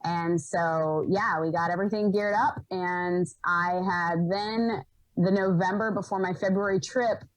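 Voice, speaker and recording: A young woman from Rhode Island telling stories as a podcast guest, animated, laughing often and acting out what people said. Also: on the low side, measured pace, no room sound, rough recording. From Rhode Island, USA. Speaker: podcast guest, environmental educator. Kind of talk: casual storytelling in an interview.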